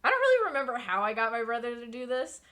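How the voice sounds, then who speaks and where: A woman's voice: fairly high pitch, fast. A woman in her twenties chatting casually on a stream, rambling through stories and swearing freely. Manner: rambling, swearing, animated storytelling. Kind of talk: casual chat.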